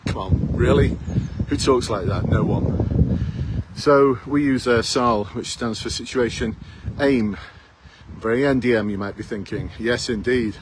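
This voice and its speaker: Unhurried, he addresses the camera directly, coaching aspiring police officers with pointed rhetorical questions and a challenging edge. The man, in his fifties and blunt, speaks at a middle pitch. Faint town sounds and traffic drift by outside.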